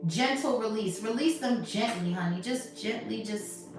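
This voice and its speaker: Animated woman reading tarot, echoey and distant. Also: medium pitch, normal speed. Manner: animated, emphatic, swings to soft hushed stretches. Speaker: tarot reader. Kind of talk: live tarot reading, casual slangy chat. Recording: echoey room, voice distant from mic, music behind. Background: background music.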